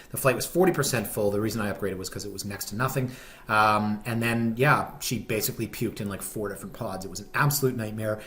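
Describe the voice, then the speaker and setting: A man's voice: lowish voice, a bit bright. Chatty man, rambling vlog talk. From Canada. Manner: rambling, chatty, self-deprecating, many ums. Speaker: real estate vlogger. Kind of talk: casual vlog chat.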